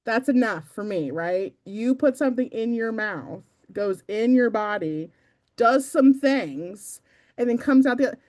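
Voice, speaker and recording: A woman's voice: fairly high pitch, expressive, measured pace, a little mellow. A young adult woman giving a casual, chatty motivational talk to her team, self-deprecating and full of fillers. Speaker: team meeting speaker.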